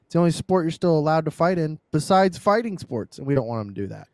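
A man's voice: a little high, quick pace, dry recording, studio quality. A man co-hosting a podcast, talking casually and swearing a lot as he jokes and reads sponsor plugs. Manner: profane, joking, animated. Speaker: podcast co-host.

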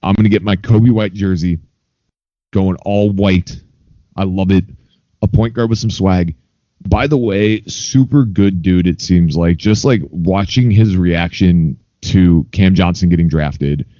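A very deep, mellow-voiced man co-hosting a loose sports chat. He rambles, swears freely and pokes fun at himself. The audio is dry and a little dull, like a home podcast setup. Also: unhurried, no room sound. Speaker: podcast co-host.

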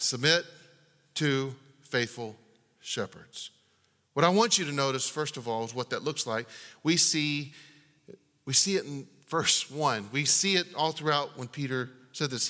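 A man preaching a sermon in a large church, emphatic, asking rhetorical questions and swinging from loud to hushed. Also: mid-range voice. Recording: long reverb of a large hall.

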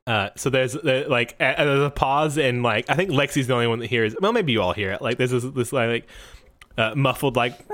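A man narrating as game master of a tabletop game, lively and filler-heavy, often laughing. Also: medium pitch, brisk.

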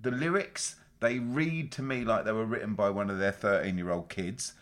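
A man co-hosting a casual podcast chat, sweary, teasing and animated. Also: fairly low pitch, normal speed. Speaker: podcast co-host.

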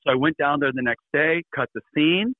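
A middle-aged man, a guest, telling stories in an energetic, upbeat way, his pitch jumping up suddenly. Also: fairly quick, dry recording. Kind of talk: casual storytelling. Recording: dry phone-like call audio.

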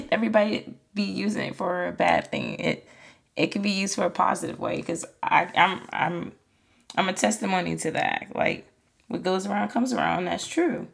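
A woman's voice: medium pitch, moderate pace, creaky, husky. A woman hosting a podcast, talking in a casual, earnest and encouraging way, full of "like" and "you know". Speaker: podcast host. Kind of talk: casual motivational monologue.

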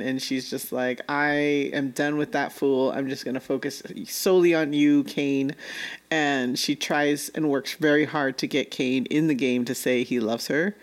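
Chatty woman recapping an anime. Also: low voice. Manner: chatty, laughs often, acts out characters' lines. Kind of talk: casual chat reviewing an anime.

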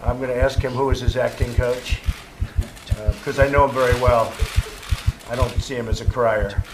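A man in an archive clip, making off-the-cuff remarks in a rambling way with filler pauses. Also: mid-range voice, fairly even intonation. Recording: noisy clip from far off.

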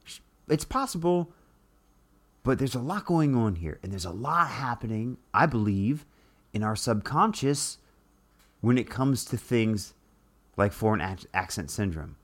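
A man's voice: mid-range voice, big pitch swings, measured pace, long pauses. A man talking casually through an explainer monologue, with frequent restarts and fillers.

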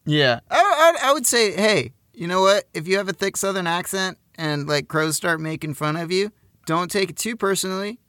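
A man's voice: sits high, lively intonation, moderate pace, bright, forceful tone, no room sound, clean studio sound. A man co-hosting a podcast in casual chat, full of wry jokes and banter. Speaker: podcast co-host.

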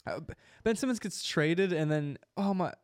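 A man from New Jersey hosting a casual podcast chat, animated and laughing often as he rambles. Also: a little high, moderate pace, clear, resonant tone. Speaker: podcast host.

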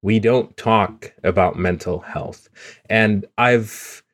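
A man's voice: fairly low pitch, slow, no echo, clean studio sound. A man hosting a podcast in a casual, joking, self-deprecating way. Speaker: podcast host. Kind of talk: casual chat.

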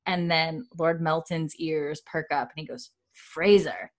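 Woman on a podcast recapping an episode, fairly low voice, acts out the lines as she goes. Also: flat delivery. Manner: retells scenes with quick quoted impressions and laughs. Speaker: podcast co-host. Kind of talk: casual chat recapping a TV episode.

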